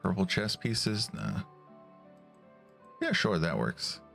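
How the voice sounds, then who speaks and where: A man's voice: lowish voice, very animated, takes it slowly, vocal fry, a bit bright, faint music behind. A man streaming a game, musing aloud in casual commentary. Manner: musing, talking to himself.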